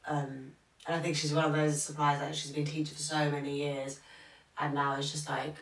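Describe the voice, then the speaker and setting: Recorded from a distance with a roomy, off-mic quality, this podcast co-host rambles through a casual chat full of fillers and false starts. She speaks at a moderate pace in a low-sitting voice with flat delivery.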